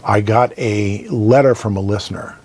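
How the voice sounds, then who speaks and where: A man's voice: on the low side, moderate pace, slightly rough. Older man telling radio stories. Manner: animated storyteller, keeps checking in with "right?". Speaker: radio broadcaster, guest. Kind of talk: casual storytelling interview.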